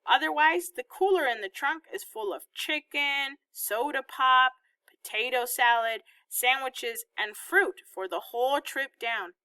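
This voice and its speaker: A woman reading as an organized, patient mother who calmly explains a trip plan step by step. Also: high-pitched, unhurried, smooth, no echo, voice pushed up. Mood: explaining plans.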